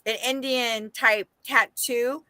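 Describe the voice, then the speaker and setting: A woman host telling stories in casual chat, animated and often laughing. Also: fairly high pitch, slow pace, over a noisy crowd. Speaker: podcast host. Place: home livestream studio.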